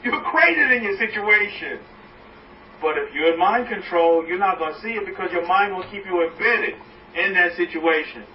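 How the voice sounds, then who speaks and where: A man preaching a sermon as a rabbi, animated, swinging high and low, now chanting, now laughing along with his point. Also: normal speed. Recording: echoey room, mic at a distance, dull sound, faint noise.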